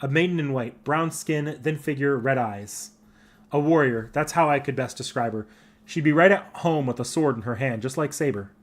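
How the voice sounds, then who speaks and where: A man reading a visual novel aloud, narrating in a soft, earnest first person. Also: mid-range voice, normal speed. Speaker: anime club member narrating a game.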